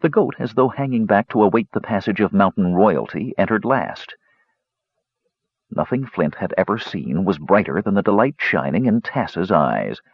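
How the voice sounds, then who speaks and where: A man reading a fantasy story aloud in expressive scripted narration, giving each character a voice. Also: lowish voice, moderate pace, breathy edge, dry recording, highs cut off. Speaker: audiobook narrator.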